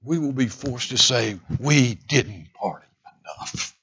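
Brief: male pastor, emphatic sermon delivery, dramatic pauses, middle pitch, slightly muffled church recording. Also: expressive, a little hiss or hum. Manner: emphatic, dramatic pauses, swings between loud and hushed. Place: church sanctuary.

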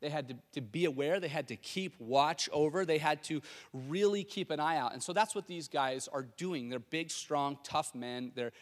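A man's voice: fairly high pitch, normal speed, in a large hall. A male pastor preaching a sermon, telling the story animatedly with frequent restarts.

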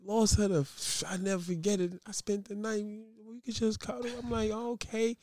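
A man co-hosting a podcast, telling stories in a profane, animated, casual way. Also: sits high, a little fast. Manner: profane, animated storytelling with quoted voices. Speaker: podcast co-host. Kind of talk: casual chat.

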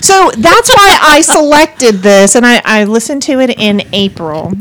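A woman's voice: on the high side, lively intonation, measured pace, a bit bright. A woman co-hosting a podcast, recounting her thoughts in a loose, rambling way full of fillers. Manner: rambling storyteller with many fillers. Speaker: podcast co-host. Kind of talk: casual chat about audiobooks.

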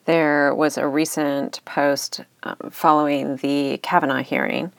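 Woman podcast host, low voice, earnest and explanatory, close dry sound. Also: level tone, measured pace, gravelly, dry recording. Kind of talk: solo podcast commentary.

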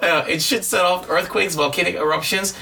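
A man's voice: high voice, steady tone, a little fast, gravelly, bright, forceful tone. A man co-hosting a podcast in casual chat, teasing his co-host and rambling through explanations.

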